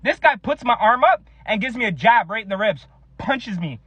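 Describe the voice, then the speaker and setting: A man's voice: high-pitched, animated, moderate pace, husky, no echo, lo-fi sound. A man narrating a comedic personal story in casual slang, sounding exasperated.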